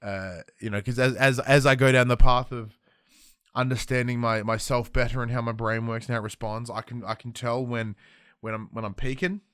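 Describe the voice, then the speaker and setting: Australian man, podcast host, casual chat, smooth clear voice, dry close sound. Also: medium pitch, fairly quick, no echo. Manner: animated storytelling with acted-out quotes.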